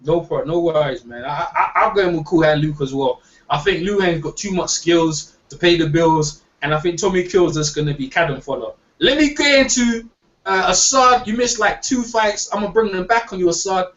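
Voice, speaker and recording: A man's voice: high voice, moderate pace, a bit bright. A man hosting a casual online hangout, talking in loose slang and repeating himself. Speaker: host. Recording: distant lo-fi mic with faint hiss.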